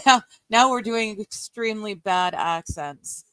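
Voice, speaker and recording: A woman's voice: a little high, expressive, slow pace, bright, forceful tone, clean tone, no room sound. Middle-aged Canadian woman, streamer chatting with viewers, rambling and giggly, lots of ums, dry close-mic sound. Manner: chatty and rambling, laughs often, many ums. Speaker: live-stream host reading a book aloud. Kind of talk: casual live-stream chat with viewers.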